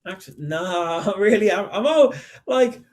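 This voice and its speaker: A young man in his twenties chatting on a podcast, rambling and stacking fillers as he goes. His voice sits slightly higher than most men's. He downplays himself easily. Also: expressive, measured pace, darkish tone. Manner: rambling, filler-heavy, self-deprecating. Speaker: podcast guest, songwriter. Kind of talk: casual podcast chat.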